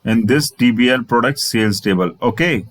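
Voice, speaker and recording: Male tutor, tutorial delivery, mid pitch, dry and close, restates every step. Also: normal speed, dry recording, poor audio. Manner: repetitive, restates phrases, spells out letters. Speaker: programming instructor. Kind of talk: screen-share coding tutorial.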